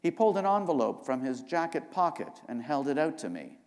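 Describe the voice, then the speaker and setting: A male author reads his novel aloud in a dry, deadpan narrating voice that is high-pitched and very animated. A long hall reverb from the live event hangs around every line. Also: brisk. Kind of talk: live book reading. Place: public library event hall.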